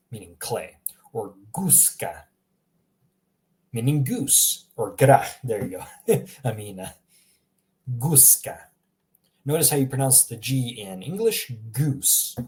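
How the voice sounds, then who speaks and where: A man giving a casual language lesson, saying example words again and again in a relaxed way with small laughs. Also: mid-range voice. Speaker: language teacher.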